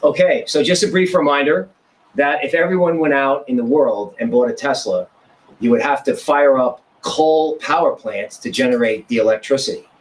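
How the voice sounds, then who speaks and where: A man's voice: medium pitch, moderate pace, poor audio. A man speaking as a guest on a casual roundtable, giving opinions in short punchy phrases. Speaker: guest panelist.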